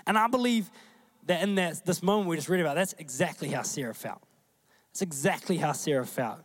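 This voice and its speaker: Male preacher, New Zealand accent, slightly high voice, casual and lively sermon delivery. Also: fairly quick. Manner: conversational, animated, acts out quoted voices.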